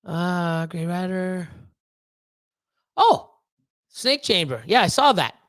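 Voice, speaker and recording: A man hosts a casual livestream from home and answers chat. His voice sits high for a man and the recording is dry and close. He rambles with plenty of fillers and false starts and swears freely. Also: animated, a little slow, a bit bright, dry recording. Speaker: livestream host.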